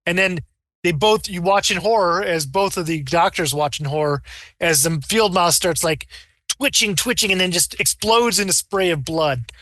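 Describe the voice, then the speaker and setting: Bright-voiced man running a tabletop game. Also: fairly high pitch, unhurried, dry recording, studio quality. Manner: rambling, animated, breaks into character voices. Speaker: game master.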